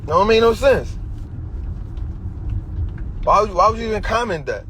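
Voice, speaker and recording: A man's voice: high-pitched, expressive, normal speed, fairly bright tone, slight background noise. A man with an Atlanta Black American English accent, giving a preachy finance talk on a livestream in street slang, repeating his points. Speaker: finance educator.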